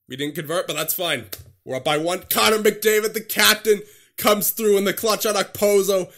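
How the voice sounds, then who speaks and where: A young man with a bright, fairly high voice calls his hockey video game play by play, out of breath and nervous. He begs his team to hang on between stretches of broadcaster-style commentary. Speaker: gaming YouTuber playing a hockey franchise.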